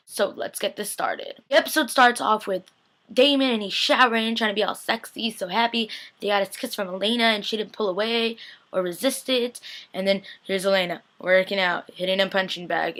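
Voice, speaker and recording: A young woman recapping a TV episode to her viewers, chatty and sarcastic. Her voice is bright and forward, and she breaks into playful asides as she talks. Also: mid-range voice, fairly quick. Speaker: vlogger.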